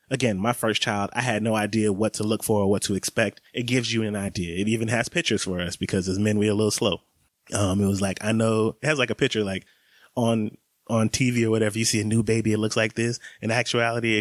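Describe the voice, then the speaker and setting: A man in his late twenties talking casually in a vlog, chatty and relaxed, laughing now and then as he speaks. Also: on the low side, no echo, studio quality. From American South. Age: 20s. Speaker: vlogger.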